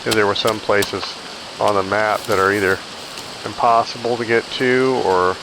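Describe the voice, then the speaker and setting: A man's voice: fairly low pitch, steady tone, normal speed, background noise. A man casually chatting while playing a survival video game, rambling into storytelling asides. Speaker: gaming streamer. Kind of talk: casual gameplay chat.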